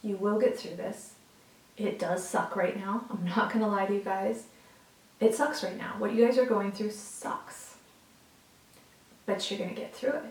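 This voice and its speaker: A woman's voice: medium pitch, unhurried, long pauses, darkish tone, far from the mic. A woman giving a casual, heartfelt tarot reading straight to her viewers, earnest and at times emotional, swearing now and then. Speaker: tarot reader. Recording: roomy and off-mic.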